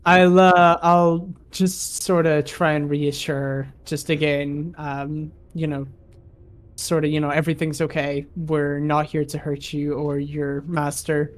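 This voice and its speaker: A man's voice: a little high, little pitch movement, unhurried. A man playing a tabletop game, speaking hesitantly with frequent restarts. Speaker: player.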